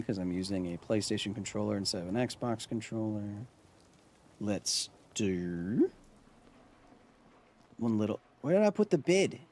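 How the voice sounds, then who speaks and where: A man's voice: lowish voice, a little mellow, slight background noise. A man hosting a live game stream, rambling and joking with his chat as he plays. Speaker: streamer and science host.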